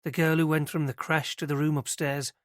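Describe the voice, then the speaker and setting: A man voicing a police detective who speaks in a low, matter-of-fact way. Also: level tone, fairly quick, no echo, studio quality, lightly acted. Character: male police detective, blunt colleague.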